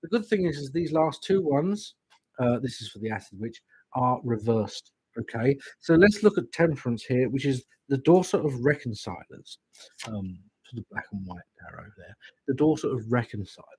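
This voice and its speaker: A man's voice: mid-range voice, expressive, moderate pace, darkish tone, husky, dry recording, low-quality recording. An English man giving tarot readings on a livestream, musing and rambling with chatty asides. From England. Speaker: tarot reader.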